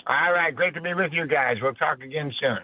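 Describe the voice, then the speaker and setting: A man who works as a baseball color analyst, calling into a radio show and giving a casual, halting breakdown full of "you know" fillers. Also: fairly high pitch, no echo. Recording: tinny phone line.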